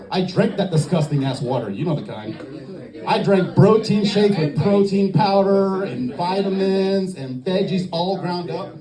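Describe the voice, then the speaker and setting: Southern guy doing standup at an open mic, kinda high voice but mellow, acts out voices, cracks himself up. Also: rough recording. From American South. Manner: animated, acts out quoted voices, laughs at own jokes. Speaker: stand-up comedian. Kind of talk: stand-up comedy set. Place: comedy club open mic.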